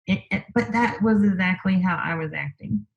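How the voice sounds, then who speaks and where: A woman guest in a conversational interview, telling a personal story in an unhurried way, thinking aloud with lots of fillers. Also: mid-range voice, gravelly, dull audio.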